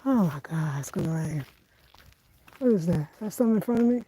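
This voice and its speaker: A woman's voice: lowish voice, expressive, fairly quick, warm tone, slight background noise, low-quality recording. A woman vlogging as she walks outdoors in the countryside, chatting and laughing with her viewers. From United States. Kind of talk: casual vlog while walking.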